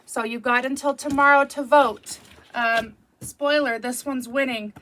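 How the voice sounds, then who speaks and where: A woman's voice: high voice, steady tone, measured pace, a bit bright, a little hiss or hum. A woman hosting a quilting tutorial, wrapping up in a chatty, easygoing, self-deprecating way. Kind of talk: casual tutorial chat.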